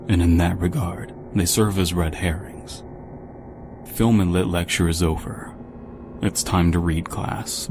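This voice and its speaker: A man's voice: deep voice, background noise. A man reading horror stories aloud in a dry, sardonic scripted narration. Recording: music playing behind.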